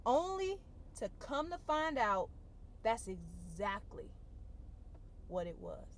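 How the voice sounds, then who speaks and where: A woman vlogger speaks slowly at a fairly high pitch, on the verge of tears as she gives an emotional personal testimony. Her language is colloquial and expressive, with repeated phrases for emphasis. There's slight background noise.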